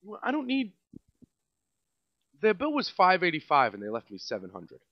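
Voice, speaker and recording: A podcast host from Staten Island, New York, with a matching accent, goes on a comedic rant, sarcastic and mocking. His high-sitting voice swoops wildly in pitch, swinging between loud outbursts and mutters at normal speed. The audio is dull but has no echo.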